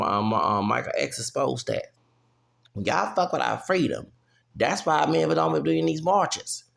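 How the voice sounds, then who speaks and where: A man's voice: medium pitch, vocal fry, a bit bright. A man, ranting heatedly and profanely in a vlog, often breaking off with "okay?". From United States. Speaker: vlogger. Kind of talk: heated opinion rant.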